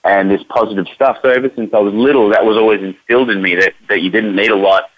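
A man's voice: fairly low pitch, fairly even intonation, fast, no echo. An Australian man, an actor guest on an interview show, talking in an upbeat way and repeating words as he thinks. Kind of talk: interview answers. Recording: dull lo-fi, dry sound.

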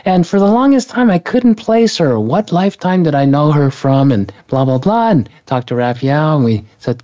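A man's voice: fairly high pitch, animated, moderate pace, hardly any pauses, warm tone. A man telling a personal story in an interview, rambling with many restarts and self-corrections. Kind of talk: conversational storytelling. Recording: dull lo-fi recording.

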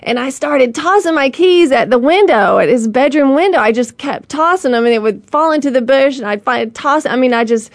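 A woman's voice: high-pitched, lively intonation, moderate pace, hardly any pauses, no echo, clean studio sound. A woman hosting a show, telling a wild personal story in a rambling, candid way full of "you know" and restarts. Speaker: show host. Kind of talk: personal storytelling monologue to an audience.

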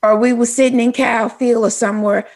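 Husky Texas woman, folksy. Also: on the high side, fairly even intonation, fairly quick, darkish tone. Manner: folksy, storytelling. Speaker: co-host. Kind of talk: casual chat.

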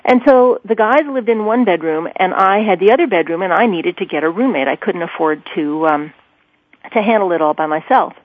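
A woman guest in an interview, recalling a story with animated swings in pitch. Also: brisk, no echo. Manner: animated, pitch leaps when quoting herself. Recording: tinny phone line.

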